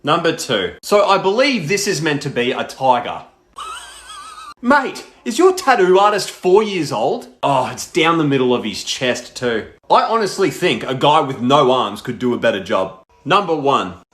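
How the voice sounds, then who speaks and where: A man's voice: fairly high pitch, wildly swooping pitch, measured pace, fairly bright tone. An Australian man with a brash, sweary, slang-heavy manner, delivering comic countdown commentary. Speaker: comedy content creator.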